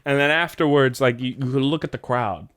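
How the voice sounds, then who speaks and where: Dude on a podcast telling a wild dream, smooth clear voice, dry close sound, cussing and laughing a lot. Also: male voice, normal speed, fairly bright tone, no echo. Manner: rambling, profane, laughs often, jumps up in pitch for quoted lines. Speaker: podcast host. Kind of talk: casual chat, telling a dream story.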